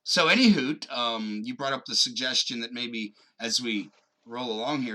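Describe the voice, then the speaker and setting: A man co-hosting a casual podcast with a very bright, forceful voice. He talks in an animated way, swears freely and drops jokey asides into everything, even when reading the news aloud. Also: mid-range voice, normal speed, low-quality recording. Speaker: podcast co-host.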